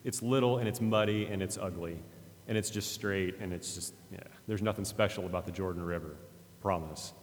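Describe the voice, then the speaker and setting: A man with a fairly low voice gives a sermon, talking earnestly and casually as he retells a scripture story. His words ring out with a long hall reverb, the sound of a church. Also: a little fast, a little hiss or hum. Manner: conversational, earnest, with frequent fillers and restarts. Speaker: pastor.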